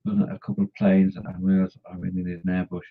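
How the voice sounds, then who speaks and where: Man, middle-aged, stream host, husky, teasing banter, dull lo-fi audio. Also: deep voice, flat delivery, fast talker. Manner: jokey and teasing, chatty banter with viewers. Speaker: host of a model-painting live stream. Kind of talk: casual live-stream chat, reading out comments.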